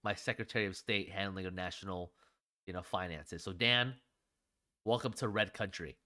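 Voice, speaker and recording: A man's voice: sits low, normal speed, pushed and bright. A man co-hosting a casual livestream show, rambling, often talking to chat and laughing. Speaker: podcast co-host.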